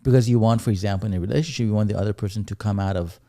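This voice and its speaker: Gravelly low-voiced man, reflective. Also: dark tone, no room sound, studio quality. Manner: reflective, unhurried. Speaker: podcast co-host. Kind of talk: casual chat.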